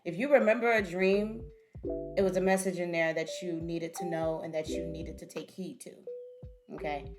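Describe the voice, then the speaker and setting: A woman's voice: on the low side, steady tone, moderate pace, over music. A woman hosting a reaction video, talking casually and directly to her viewers. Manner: chatty, talks straight to viewers.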